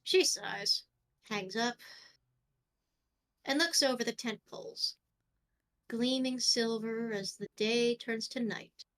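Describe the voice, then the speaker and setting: A woman's voice: on the high side, slow pace, long pauses, fairly bright tone. A woman narrating a tabletop game as game master, in a casual, offhand way with the odd swear.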